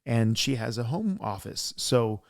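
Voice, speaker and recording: A man co-hosting a casual podcast who sees patients in his work. He tells stories in an emphatic, animated way. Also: medium pitch, a little slow, gravelly, dry recording, clean studio sound. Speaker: podcast co-host.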